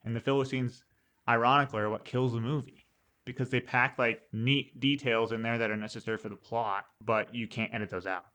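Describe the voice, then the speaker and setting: Brief: male podcast co-host, mid-pitched, explanatory and conversational. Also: fairly even intonation, a little fast, bright, forceful tone. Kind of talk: casual chat.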